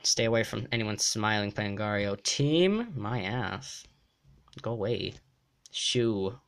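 A man's voice: on the low side, animated, slow, a bit bright. Jumpy young guy yelping over gameplay. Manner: jumpy, yelps and shrieks when threatened. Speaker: gaming YouTuber. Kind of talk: excited gameplay commentary.

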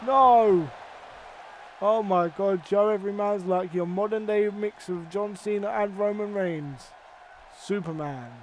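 A high-pitched man narrates his own wrestling gameplay in an excitable let's-play style. He swears freely and bursts into loud yells, with a faint hiss of noise under the voice. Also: a little slow. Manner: excitable, swears a lot, sudden loud outbursts. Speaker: gaming YouTuber.

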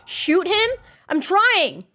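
While streaming a horror game, a woman gives live commentary to her chat, swearing in flustered bursts as she gets lost and scared. Her voice is very high and sharp, very slow, with big pitch swings.

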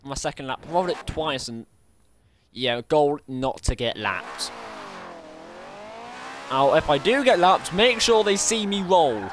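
A man excitedly commentating his own racing game play, breaking into strings of repeated exclamations. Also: a little high, slow pace, pauses often, slight background noise. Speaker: gaming streamer. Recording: game music behind.

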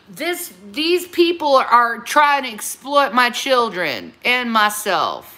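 A woman's voice: fairly high pitch, big pitch swings, slow pace, hardly any pauses, bright, forceful tone. A woman in her thirties hosting a livestream, answering her critics in a heated, confrontational rant and often repeating herself. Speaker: livestream host.

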